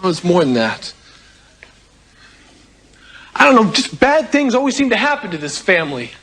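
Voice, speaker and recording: A young actor playing a worried young man from a wealthy family, who talks in a low, troubled, subdued way. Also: big pitch swings, normal speed, a bit bright, heavily acted. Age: young adult.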